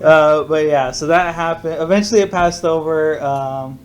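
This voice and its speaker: A man's voice: fairly high pitch, fairly even intonation, moderate pace, background noise. A man co-hosting a podcast, chatting casually and laughing often, with lots of fillers as he trails off. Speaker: podcast co-host. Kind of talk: casual group chat.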